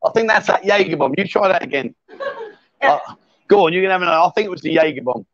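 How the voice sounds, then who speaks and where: A man's voice: high voice, expressive, fast talker, no echo, lo-fi sound. A man hosting a live stream from a bar, joking and teasing as he reads viewer comments aloud between pool shots. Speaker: livestream host. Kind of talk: live stream chat while playing pool. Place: lively bar.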